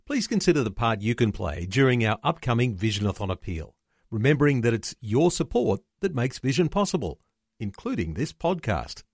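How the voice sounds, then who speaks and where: A man's voice: mid-range voice, sing-song, normal speed, husky, no echo, clean studio sound. A man reading a scripted appeal announcement in an upbeat, inviting way, over faint guitar music. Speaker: chief executive making an appeal.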